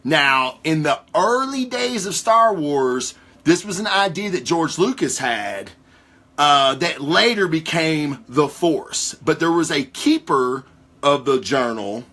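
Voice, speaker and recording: A man hosting a casual talk show, rambling through theories with live viewers in a profane, excitable way. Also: fairly high pitch, slow. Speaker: podcast host.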